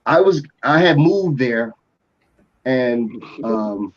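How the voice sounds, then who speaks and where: A music producer from Atlanta telling a rambling story in a casual interview, full of restarts and fillers. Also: male voice, mid-range voice, expressive, slow pace. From Atlanta, USA. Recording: dull lo-fi podcast audio.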